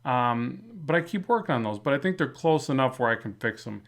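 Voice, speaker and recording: A man with a slight lisp, talking through a drawing in a relaxed, rambling way as a comic art instructor. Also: mid-range voice, fairly quick, vocal fry. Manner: relaxed, rambling, many fillers and restarts. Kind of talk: casual drawing tutorial narration.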